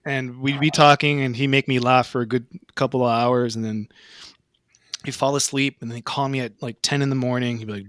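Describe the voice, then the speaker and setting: A man's voice: medium pitch, steady tone, brisk, a bit bright, no room sound, studio quality. A young man in casual chat among friends, laid-back and swearing, telling party stories. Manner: laid-back, swears a lot, says dude. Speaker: podcast co-host.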